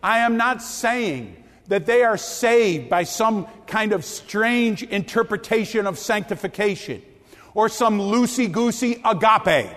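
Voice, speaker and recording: A man preaching a sermon as pastor, impassioned, swinging from near shouts down to low, quiet lines. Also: lively intonation, a little slow, long reverb tail.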